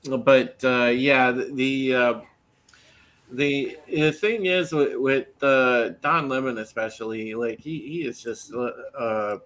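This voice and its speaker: Male podcast host, bright forceful tone, blunt and mocking in casual chat. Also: mid-range voice, steady tone, slow. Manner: blunt, mocking, reads chat names aloud.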